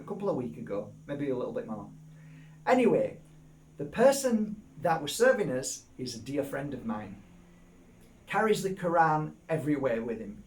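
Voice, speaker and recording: A crystal healer talks eagerly and at length, often repeating himself as he rambles. His voice sits a little higher than most men's. A faint hiss of room noise runs behind him. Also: darkish tone. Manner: enthusiastic, rambling, repeats words. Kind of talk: casual unboxing talk with storytelling.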